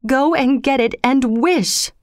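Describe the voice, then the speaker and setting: A woman's voice: medium pitch, expressive, measured pace, no room sound, studio quality, close to an everyday voice. A woman voicing a grieving old mother who pleads frantically and wildly. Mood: pleading.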